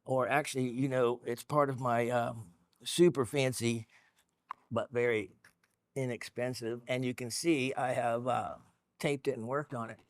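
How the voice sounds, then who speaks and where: A male host chats his way through a gemstone lesson, rambling and restarting with plenty of fillers. His voice sits at an ordinary middle pitch. It sounds dry and close, recorded on a studio set. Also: fairly even intonation, unhurried, dry recording. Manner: chatty and encouraging. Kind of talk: casual educational talk.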